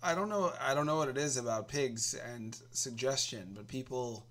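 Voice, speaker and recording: A man's voice: mid-range voice, moderate pace, fairly bright tone. A man in improvised comedy banter, hesitant and stammering as he protests.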